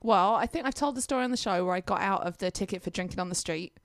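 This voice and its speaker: A woman co-hosting a podcast, telling a story in a lively, chatty and wry way on a close mic. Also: medium pitch, fast, no room sound. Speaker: podcast co-host. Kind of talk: casual chat.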